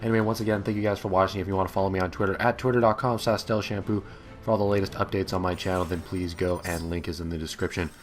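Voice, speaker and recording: A young man narrates his gameplay over a faint background hiss, his voice sitting a little low. He is sarcastic and amused, mocking his opponents as he walks through the match. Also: steady tone, fast. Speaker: gaming commentator. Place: home office.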